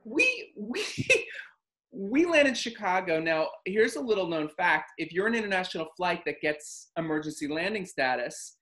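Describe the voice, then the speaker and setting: Animated man telling a travel story. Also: high-pitched, moderate pace. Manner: animated, acts out quotes and voices. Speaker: host. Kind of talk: casual storytelling chat.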